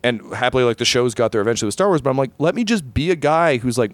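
A man in casual podcast talk, spinning gaming anecdotes with energy and jumping into quick character voices. His voice is mid-pitched and the recording is dry and close, with no room around it. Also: no echo. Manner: animated storyteller, acts out quoted voices. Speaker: game master.

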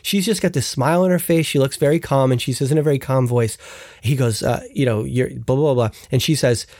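A man's voice: medium pitch, a little fast, darkish tone, no echo. A man hosting a podcast, chatting casually and animatedly about a TV show and laughing as he retells scenes. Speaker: podcast host.

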